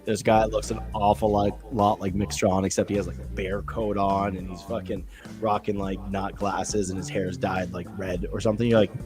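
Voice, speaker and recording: A man's voice: low-pitched, moderate pace, music in the background. A man from the United States hosting a casual, profane chat and acting out funny quotes. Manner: animated, profane, acts out quotes.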